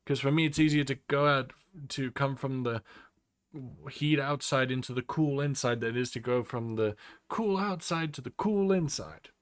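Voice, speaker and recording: A man's voice: medium pitch, moderate pace, no echo. A young Australian man chatting casually on a live stream, rambling and opinionated with lots of fillers.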